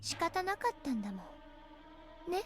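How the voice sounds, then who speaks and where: A voice actress playing an eerily calm teenage girl in a game, speaking softly and sometimes dropping to a whisper. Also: very high voice, quick pace. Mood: eerie calm. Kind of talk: Japanese game voice acting.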